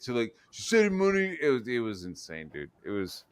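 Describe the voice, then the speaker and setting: A man's voice: mid-range voice, huge pitch swings, a little fast, clear, resonant tone. A man hosting a podcast in crude casual chat, swearing often, laughing and doing mocking impressions. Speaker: podcast host.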